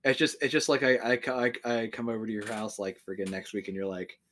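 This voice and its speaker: A young man co-hosting a podcast, chatting casually, swearing and laughing, with lively mock-shouted quotes. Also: on the low side, fast, hardly any pauses. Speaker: podcast co-host. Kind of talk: casual chat.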